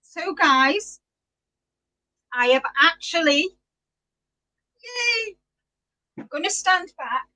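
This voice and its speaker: A woman's voice: high-pitched, slow pace, pauses often, pushed and bright, rough recording. A middle-aged woman hosting a live knitting podcast, chatty and giggly, greeting viewers by name. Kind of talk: casual live-stream chat.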